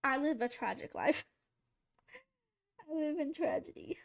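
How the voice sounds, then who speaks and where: A woman with a high-pitched, gravelly voice chats with viewers while drawing on a live stream. She's animated but unhurried, giggly and rambling, and tries out silly voices.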